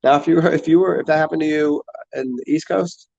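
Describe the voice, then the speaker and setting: A man chatting casually to his viewers, halting and repeating words, often restarting his sentences and swearing now and then. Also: fairly high pitch, fairly even intonation, gravelly, a little mellow. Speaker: streamer answering chat. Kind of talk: casual rambling chat. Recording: dull lo-fi sound.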